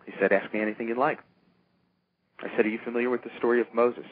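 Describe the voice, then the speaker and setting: A man's voice: mid-range voice, little pitch movement, fast talker, husky, no echo. An older man, a comic book producer, telling stories in a casual interview and acting out the voices of the people he quotes. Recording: tinny phone-line sound with faint noise.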